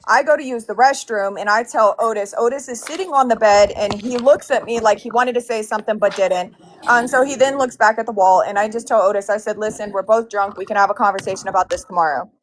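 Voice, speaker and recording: A woman's voice: mid-range voice, slight background noise. A woman casually recounting a heated fight with many fillers and restarts. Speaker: guest telling her side.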